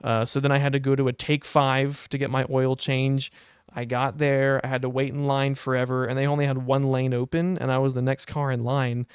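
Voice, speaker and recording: A young man co-hosting a podcast, telling a long story in a casual, exasperated, animated way. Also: medium pitch, brisk, clear, resonant tone, no room sound, studio quality. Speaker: podcast co-host.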